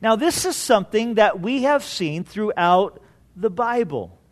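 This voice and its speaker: A man preaching a sermon in a storytelling way, slowing down and going quiet on key points. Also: high-pitched, lively intonation. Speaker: pastor.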